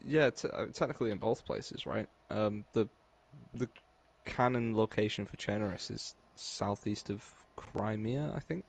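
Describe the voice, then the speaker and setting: Gravelly low-voiced English man. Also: a little slow. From England. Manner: laid-back, rambling, chuckles often. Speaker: podcaster. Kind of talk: casual chat.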